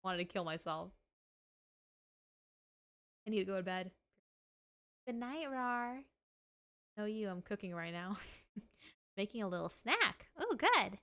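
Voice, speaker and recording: A woman's voice: fairly low pitch, moderate pace, long pauses, pushed and bright. A young woman from California with a Californian accent, chatting casually on a live stream, giggling often and saying "like" a lot.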